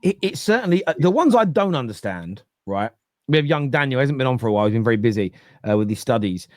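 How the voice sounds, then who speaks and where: A man hosting a football podcast, talking in an animated, emphatic way and often repeating words. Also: medium pitch, fast talker, no echo, clean studio sound. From England. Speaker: podcast host. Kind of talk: casual football podcast chat.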